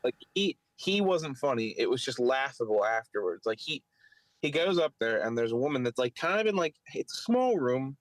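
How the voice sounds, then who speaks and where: A man's voice: mid-range voice, normal speed, dry recording, low-quality recording. A man with a Philadelphia accent, co-hosting a podcast and telling a long story in a rambling way full of fillers. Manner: rambling, filler-heavy, animated retelling. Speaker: podcast co-host. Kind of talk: casual storytelling chat.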